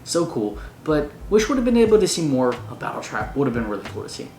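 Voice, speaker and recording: Excitable guy fan-reviewing a movie, roomy sounding room, bit of hiss. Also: medium pitch, fast. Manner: gushing, excitable fan talk with slang. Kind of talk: casual spoiler review. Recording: roomy echo, faint noise.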